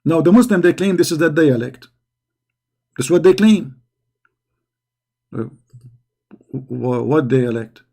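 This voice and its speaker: A high-pitched man speaks in broken English, delivering a combative religious polemic to the camera. His tone stays mocking and confrontational, with frequent taunts and repeated challenges. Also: expressive, takes it slowly, creaky, pauses often, mellow. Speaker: religious debater. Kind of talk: polemic commentary monologue.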